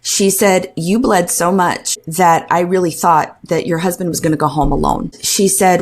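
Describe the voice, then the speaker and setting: A woman's voice: fairly low pitch, steady tone, normal speed, few pauses. A woman recounting a painful personal story as a podcast guest, earnest and emotional, with frequent restarts and quoted dialogue.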